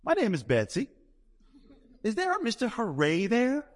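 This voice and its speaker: A man voicing a polite, eager church lady caller with a Southern accent and a sweet, high, sing-song voice. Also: huge pitch swings, moderate pace. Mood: sweetly polite. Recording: long hall reverb.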